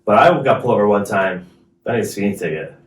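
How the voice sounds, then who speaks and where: A man in his forties chatting casually on a podcast, an animated storyteller who swears freely. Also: on the low side, very fast. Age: 40s. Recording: roomy, distant mic.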